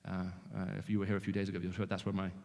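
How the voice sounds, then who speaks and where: A man with a British English accent who grew up in the Middle East, giving an animated, joking evangelistic talk to students with frequent restarts. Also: deep voice, very fast. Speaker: guest speaker. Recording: long hall reverb.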